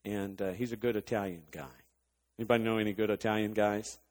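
A man preaching a sermon in an animated storytelling style, building to impassioned rants, with long hall reverb. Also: fairly low pitch, fast.

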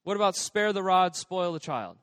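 A man's voice: high-pitched, lively intonation, normal speed, fairly bright tone, no echo, in a large hall. A man preaching a casual, conversational sermon as pastor, with frequent fillers and restarts.

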